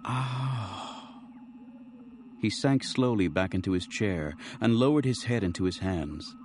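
A man narrating an audiobook in an expressive, dramatic reading style. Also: low-pitched, moderate pace, a little hiss or hum. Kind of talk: scripted narration.

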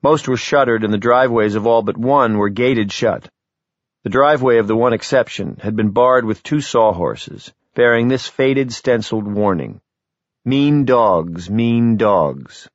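A man reading an audiobook in steady, wry first-person storytelling. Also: mid-range voice, normal speed, no echo. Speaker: audiobook narrator. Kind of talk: scripted narration. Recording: slightly dull, lo-fi recording.

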